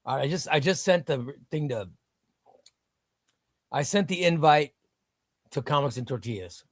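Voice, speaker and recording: A high, bouncy male voice that swings all over the place, hosting a comic book livestream. He talks in an excitable, flustered, self-deprecating way. The sound is dry and close, with no room around it. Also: normal speed, dry recording. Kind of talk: casual live stream chat.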